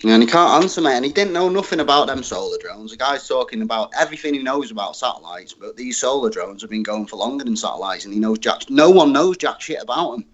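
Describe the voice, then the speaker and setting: A man's voice: medium pitch, lively intonation, fast, few pauses, no echo. Man, Northern English accent, blunt, sweary, heated chat, dull lo-fi sound, dry. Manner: blunt, sweary, says "mate" constantly. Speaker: guest debater.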